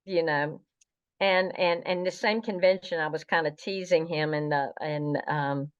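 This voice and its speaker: A woman tells long stories as an interview guest, chatty and meandering. Her voice sits low and deep for a woman. The recording sounds dull and lo-fi. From American South. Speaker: guest, fan historian. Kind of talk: anecdotal interview storytelling.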